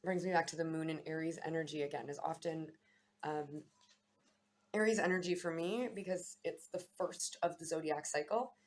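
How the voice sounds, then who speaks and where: Low-voiced woman musing on spiritual energies. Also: steady tone, normal speed. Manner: meandering, reflective, self-correcting. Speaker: astrology vlogger. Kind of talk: casual spiritual musing to camera.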